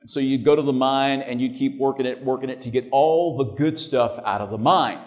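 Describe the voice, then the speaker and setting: A man preaching a sermon in a conversational way, often repeating words as he starts a thought and swinging between emphatic and quiet phrases. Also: medium pitch, fairly even intonation, a little fast.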